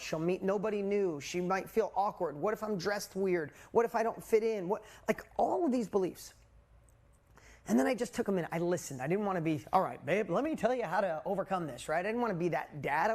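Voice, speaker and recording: Man in his 40s, coach on a video call, animated storytelling, candid and casual, swears now and then. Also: high voice. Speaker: coach hosting a mastermind call. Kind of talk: motivational talk on a live group call.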